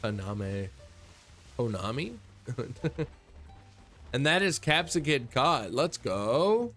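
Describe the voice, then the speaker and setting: A man's voice: mid-range voice, very animated, unhurried, pauses often, a bit bright, faint music behind. A man chatting casually on a stream, rambling and laid-back and swearing freely.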